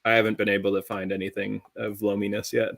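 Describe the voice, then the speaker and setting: A man's voice: on the low side, level tone, quick pace, gravelly, fairly bright tone. A man from western Canada, a podcast guest, chatting easily and restarting phrases as he thinks. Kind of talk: casual chat.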